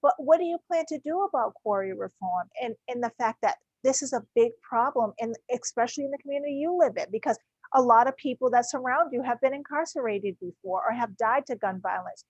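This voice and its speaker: A woman's voice: fairly high pitch, brisk, breathy edge, dry recording, highs cut off. A woman host, asking a guest pointed, passionate questions. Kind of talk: interview questions.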